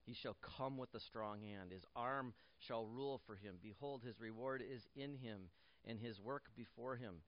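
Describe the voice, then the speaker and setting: A man's voice: mid-range voice, moderate pace, dull audio. A male pastor preaching a sermon in church, repeating key phrases and restarting lines, with light jokes for the congregation.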